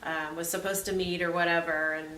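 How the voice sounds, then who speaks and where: A woman's voice: on the low side, flat delivery, brisk, fairly bright tone. A woman co-hosting a casual faith-based chat, reflective and upbeat while recovering from a rib injury. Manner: reflective, upbeat, often laughing. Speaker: podcast co-host. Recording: echoey room, faint hiss.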